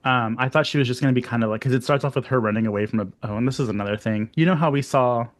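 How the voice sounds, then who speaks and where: A man's voice: medium pitch, rapid-fire. A man co-hosting a horror podcast, chatting casually and telling stories with jokes. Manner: chatty, jokey, animated storytelling with laughs. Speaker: podcast co-host.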